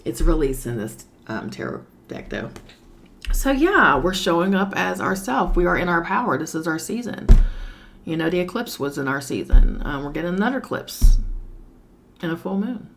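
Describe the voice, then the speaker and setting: A woman with a lowish voice talks through a tarot reading in a loose, chatty, sassy way, sounding a little stuffed up from a cold. Faint background noise sits under her voice. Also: very animated, normal speed, fairly bright tone. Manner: chatty, sassy, swears casually. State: sick with a cold. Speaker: tarot reader. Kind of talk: casual tarot reading monologue.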